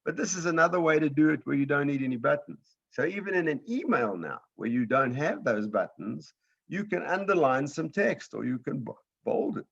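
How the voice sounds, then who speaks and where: A man's voice: fairly high pitch, sing-song, moderate pace, creaky, fairly bright tone, slightly rough, lo-fi sound. A man teaching a beginners' computer class, explaining step by step patiently and often checking in with "right?".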